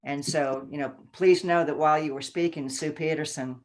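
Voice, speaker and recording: Low-pitched woman presenter, effusive, video call. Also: fairly even intonation, moderate pace. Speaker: event presenter. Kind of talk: announcing book selections.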